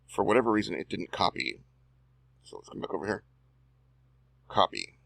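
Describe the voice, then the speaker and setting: Gravelly low man talking to himself. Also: sing-song, moderate pace, fairly bright tone, dry recording. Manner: muttering and reading copy aloud as he types; self-talking, drawling slangy asides. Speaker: online marketer and video host. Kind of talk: casual screen-recorded tutorial.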